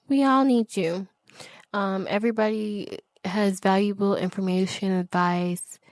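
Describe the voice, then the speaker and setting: Her lowish, somewhat dark voice comes through dry and studio-clean as she hosts her podcast by herself. Fervent and forceful, she curses liberally, keeps repeating her pleas, and breaks up her points with laughs and sighs.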